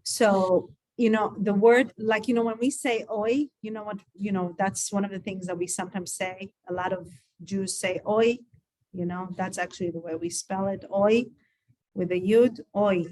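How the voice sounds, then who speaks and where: A woman's voice: mid-range voice, steady tone, normal speed, a little mellow, no room sound. A woman from Israel teaching an online Hebrew class over a video call, patiently repeating letter sounds with chatty asides.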